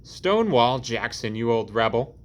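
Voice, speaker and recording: A man's voice: medium pitch, moderate pace, fairly bright tone, natural voice. Man voicing a boisterous construction boss, roaring, jovial, audiobook character. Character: boisterous Irish uncle, hearty middle-aged construction boss.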